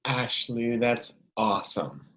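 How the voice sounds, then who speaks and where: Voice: medium pitch, steady tone, takes it slowly, fairly bright tone. A host praising the guest, with a few hesitant fillers. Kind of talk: casual interview chat.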